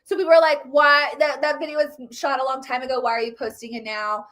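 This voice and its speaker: A woman hosting a political commentary show, ranting in an animated, sarcastic way. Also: sits high, fast talker. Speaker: host.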